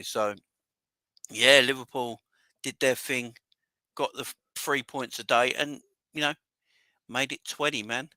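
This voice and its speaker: A man hosting a fan livestream, emotional and rambling as he chats and gives shout-outs to viewers. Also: medium pitch, dry recording. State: emotional, voice wavering. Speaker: fan channel livestream host. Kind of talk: emotional casual livestream chat.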